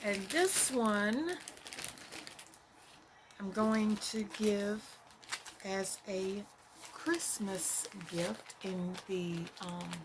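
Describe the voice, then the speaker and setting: A woman's voice: medium pitch, very slow, long pauses. A woman chatting casually through an unboxing, rambling with fillers and talking to herself. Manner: chatty, rambling, with trailing fillers and self-talk. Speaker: vlogger. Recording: audible background noise.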